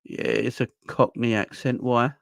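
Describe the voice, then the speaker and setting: A young man with a Southern English, London accent talks in a loose, emphatic livestream chat. His voice sits at a middling pitch. He hammers points through repetition and rhetorical questions, and the recording is dry and close with no room echo. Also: steady tone, unhurried, vocal fry. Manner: emphatic, repeats himself, asks viewers rhetorical questions. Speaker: fan channel host.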